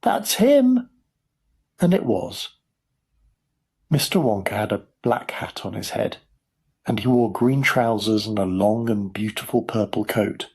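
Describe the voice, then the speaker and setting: A man narrating a children's story for English learners in a clear, measured storytelling voice. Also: lowish voice, steady tone. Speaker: audiobook narrator.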